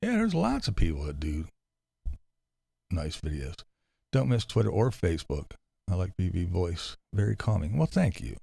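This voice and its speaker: Wry, gravelly-voiced man chatting to chat. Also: sits low, big pitch swings, moderate pace, dark tone, no room sound. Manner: wry, rambling, sarcastic. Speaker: livestream host. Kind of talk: casual chat reading live comments. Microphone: close desk mic with headphones.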